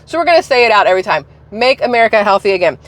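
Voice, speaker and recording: A woman's voice: mid-range voice, big pitch swings, rapid-fire. A woman vlogger giving casual political opinion commentary, chatty and sarcastic, firing off rhetorical questions.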